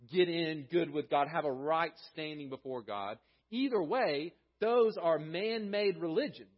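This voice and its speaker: A male pastor preaching a sermon earnestly, rising for emphasis and then dropping his voice low. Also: slightly rough, highs cut off.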